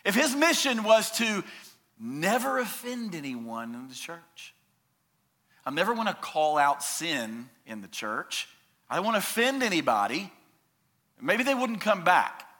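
A man preaching a sermon as a pastor, emphatic, swinging from loud declarations down to hushed, drawn-out words. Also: high-pitched, sing-song.

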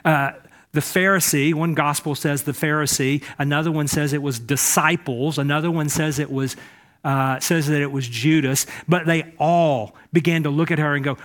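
A male pastor preaching a sermon to a church, impassioned, moving between loud urging and hushed speech. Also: fairly high pitch, steady tone, moderate pace.

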